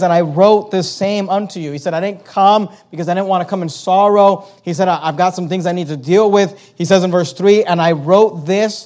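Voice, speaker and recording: A man pastor preaching a sermon, explaining scripture word by word, urging listeners to take notes and growing more emphatic as he voices the apostle's words. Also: high-pitched. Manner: expository preaching, repeating key words and urging note-taking; grows louder and more emphatic when voicing the apostle's words.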